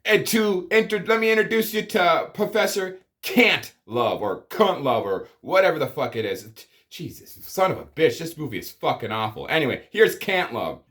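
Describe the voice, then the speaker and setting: A man's voice: fairly high pitch, animated, moderate pace, hardly any pauses, fairly bright tone. A man giving a profane comedic movie review, exasperated and ranting, with sighs and groans of disbelief. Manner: exasperated, swearing, sighing rants.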